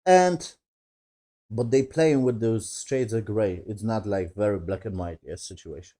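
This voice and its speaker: A man's voice: lowish voice, a little slow, dark tone. A man casually reviewing a TV episode in loose, broken English, rambling and swearing as he retells the scenes. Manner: broken non-native English grammar. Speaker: TV show reviewer.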